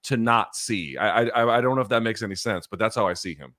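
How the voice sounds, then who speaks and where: A man's voice: lowish voice, brisk, fairly bright tone, dry recording, clean studio sound. A man hosting an interview, asking long, rambling questions full of hedges. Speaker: interview host. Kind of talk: casual interview.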